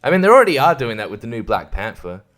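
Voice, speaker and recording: A man's voice: mid-range voice, big pitch swings, fast, a bit bright. A man hosting his own podcast, rambling crudely in a casual solo rant and laughing often. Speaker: podcast host.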